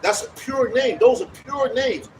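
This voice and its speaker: Man, street preacher, high lively voice, emphatic, profane, distant outdoor recording, traffic noise. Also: unhurried. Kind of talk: casual religious discussion.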